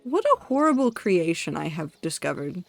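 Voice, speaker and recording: A woman streaming herself building in a game, thinking aloud, talking to herself and her chat, quickly excited and dramatic. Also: lowish voice, gravelly, soft background music. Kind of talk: casual live-stream commentary while building in a game.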